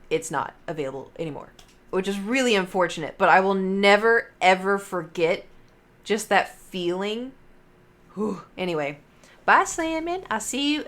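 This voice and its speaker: A woman's voice: mid-range voice, a bit bright. Chatty young woman streamer telling stories. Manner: chatty, full of "like" fillers, swears freely. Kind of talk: casual livestream storytelling.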